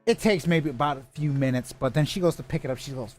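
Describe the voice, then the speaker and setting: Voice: medium pitch, fast, soft background music. A game master narrating a tabletop role-playing game, rambling with frequent restarts and heavy swearing.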